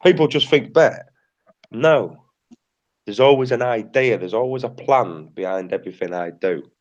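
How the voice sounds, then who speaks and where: A man's voice: medium pitch, normal speed, muffled recording. A British man hosting a livestream in casual chat, blunt and repetitive, swearing freely. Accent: British English. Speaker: livestream host.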